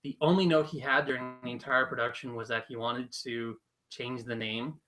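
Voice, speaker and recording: A man's voice: mid-range voice, normal speed, low-quality recording. A man co-hosting a casual podcast, telling a story and acting out the quotes with energy. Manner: animated storytelling, acts out quotes. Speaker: podcast co-host. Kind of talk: casual chat. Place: small room, live podcast.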